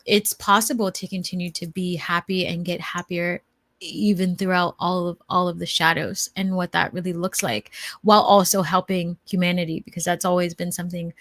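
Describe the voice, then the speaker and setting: A woman's voice: fairly low pitch, no echo. A woman healer hosting a casual livestream, rambling with many fillers and restarts, gushing and spiritual.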